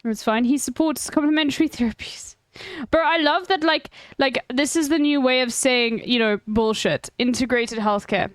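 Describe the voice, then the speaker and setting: A South African woman streamer reading an article aloud in casual chat, breaking off with wry, swearing asides and halting restarts. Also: high voice, clean tone, no room sound.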